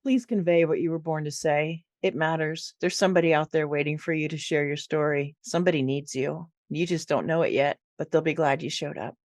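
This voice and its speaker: A woman guest on a podcast, telling animated stories about her writing work and laughing easily. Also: sits low, a little fast, few pauses, dry recording, studio quality. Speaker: ghostwriter guest. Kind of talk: casual interview chat.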